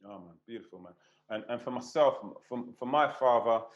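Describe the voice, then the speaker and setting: Male host asking relaxed questions. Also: medium pitch, brisk, highs cut off. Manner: leads the talk, asks guests questions. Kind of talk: casual chat.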